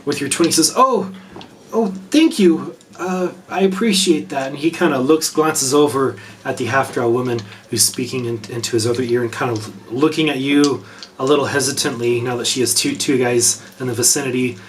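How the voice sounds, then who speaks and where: A man narrating a tabletop game as game master, often halting and repeating words. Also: mid-range voice, fairly even intonation, slight background noise.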